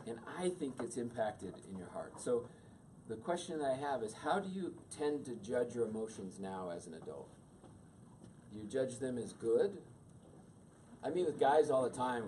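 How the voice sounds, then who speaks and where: A man's voice: medium pitch, normal speed. Middle-aged guy teaching a class, voice jumps all over, mic kinda far off, little background hiss. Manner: animated, acts out quoted voices. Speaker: teacher leading a class on emotions. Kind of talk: classroom teaching with questions to the audience. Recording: distant mic with faint room noise.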